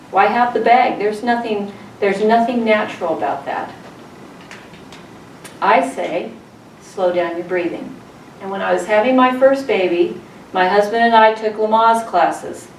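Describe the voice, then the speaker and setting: A woman's voice: medium pitch, recorded from a distance. A middle-aged woman leads a childbirth class, telling stories from her own labor and quizzing her students. Her voice sits in the middle of the range. The sound is roomy, with the camera well back and faint noise in the room. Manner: storytelling, asks the class questions. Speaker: childbirth educator.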